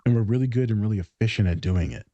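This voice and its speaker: Blunt, profane man, mellow voice. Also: fairly low pitch, rapid-fire, no room sound. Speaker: podcast host. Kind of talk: casual podcast chat. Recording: slightly dull lo-fi recording.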